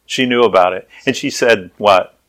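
A man's voice: lowish voice, moderate pace, a bit bright. A man preaching a sermon, telling a story in a conversational way that often repeats and restarts words.

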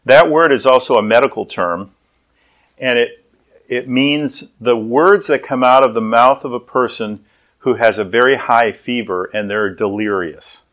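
A man's voice: medium pitch, unhurried, fairly bright tone, rough recording. A man preaching a sermon as pastor, telling personal stories and acting out the people in them. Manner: storytelling, acts out voices.

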